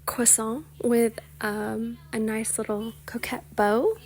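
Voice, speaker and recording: A young woman hosting a casual solo podcast, rambling with lots of "like" and "you know", sometimes dropping into soft whispery asides. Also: fairly high pitch, level tone, slow pace. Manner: rambling, chatty, many "like" and "you know" fillers. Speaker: podcast host.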